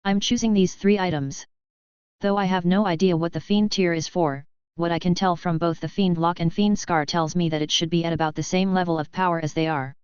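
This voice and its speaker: A confident young male hero, read out by a woman speaks in a dry, unbothered, matter-of-fact way. The voice is low-set and very smooth. Heard in a dry, close audiobook recording with a slightly dull top end. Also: fairly even intonation, brisk, darkish tone, dry recording, natural voice. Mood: wry. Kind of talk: audiobook character voice.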